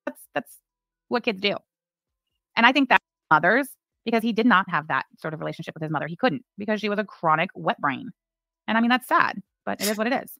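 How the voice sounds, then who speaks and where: A woman's voice: medium pitch, lively intonation, quick pace, vocal fry, bright, forceful tone, dry recording, clean studio sound. A middle-aged woman talking wryly and with exasperation in casual stream chat. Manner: wry, exasperated.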